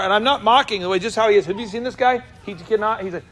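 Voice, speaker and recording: High-pitched animated man talking to a room. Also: slight background noise. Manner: animated, jokey, quick asides to the room. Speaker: business coach and show host. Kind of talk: lively talk to a live room.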